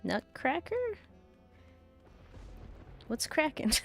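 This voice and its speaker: Woman streamer, slightly high voice, gravelly texture, relaxed chatty commentary. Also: drawn-out words, soft background music. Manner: chatty, giggly asides. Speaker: game streamer. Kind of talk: casual game commentary.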